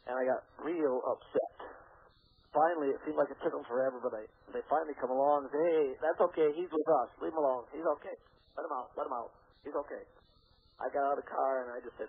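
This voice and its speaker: A man's voice: mid-range voice, fast talker, husky. A man, a radio interview guest, telling a story and acting out what people said, over a phone line. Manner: animated storyteller acting out quoted dialogue.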